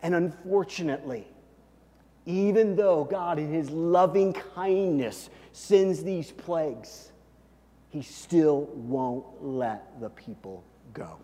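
A man preaching a sermon as a pastor, telling the story animatedly and swinging between loud and hushed. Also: fairly high pitch, slow, in a large hall.

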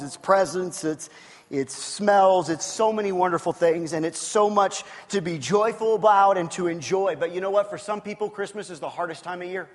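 A man preaching a sermon as pastor, earnest and repetitive, often restarting his words. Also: a little high. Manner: earnest, repetitive, stumbles and restarts, bursts to shouting. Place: church hall. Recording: long reverb of a large hall.

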